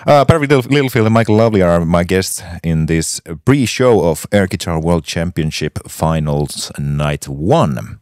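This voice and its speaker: Radio host, man with a very deep but lively voice, stop-start delivery, dry studio sound. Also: no room sound. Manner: halting, self-correcting, laughs often. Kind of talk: casual radio interview.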